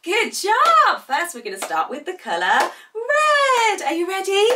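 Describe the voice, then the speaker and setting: A woman leading a toddler sing-along lesson in a bright sing-song voice with exaggerated cheering. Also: extremely high pitch, big pitch swings, unhurried, hardly any pauses, distant mic, noisy background. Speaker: preschool teacher.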